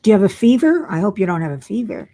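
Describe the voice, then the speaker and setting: A woman's voice: mid-range voice, big pitch swings, quick pace, dark tone. A tired woman hosting a casual crafting livestream, chatting and reading viewer comments aloud as she works. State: tired, yawning. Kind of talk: casual live chat with viewers.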